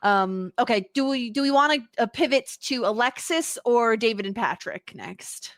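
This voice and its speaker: Enthusiastic woman co-host, bouncy higher voice, casual gushing chat. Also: lively intonation, moderate pace, a bit bright, dry recording, clean studio sound. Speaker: podcast co-host.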